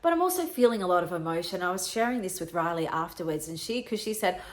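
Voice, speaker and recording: A woman's voice: fairly low pitch, animated, quick pace. Earnest woman telling a heartfelt story. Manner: emotional, earnest, repeats herself often. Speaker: podcast host.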